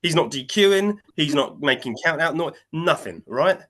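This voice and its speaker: A man, co-hosting a casual wrestling chat and retelling a match in an animated way, jumping into quoted voices. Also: on the high side, normal speed. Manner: animated storytelling, acting out quotes in shifting voices. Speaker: wrestling podcast co-host.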